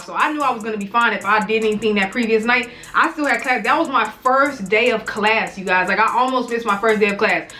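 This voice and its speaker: A young woman with a fairly high voice tells a story straight to her viewers. She talks in a loose, rambling way, swears freely and fills the telling with "like"s and quick acted-out quotes. Soft music plays faintly behind her. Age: young adult. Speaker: vlogger. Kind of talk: casual story time.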